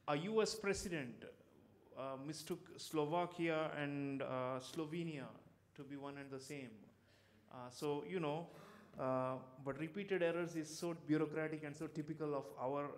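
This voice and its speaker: A man moderating a conference panel, introducing the next speaker with frequent hesitations. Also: fairly high pitch. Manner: hesitant, many ums and uhs.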